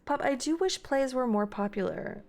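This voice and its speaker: An American woman streaming from home, chatting casually with her chat in a rambling way, with quick laughs and frequent restarts. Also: sits high, expressive, vocal fry, darkish tone.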